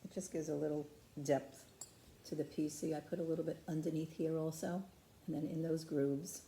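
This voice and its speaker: A woman's voice: sits low, normal speed, slight background noise. A woman patiently demonstrating ceramic painting step by step, chatting to the camera as she works. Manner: calm, patient, chatty instruction. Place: craft studio.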